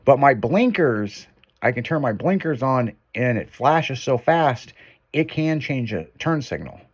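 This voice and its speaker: A man's mid-range voice with a breathy edge moves at a measured pace as he hosts a relaxed conversation. He recounts a long, profane story, cursing freely and acting out the quotes with animation.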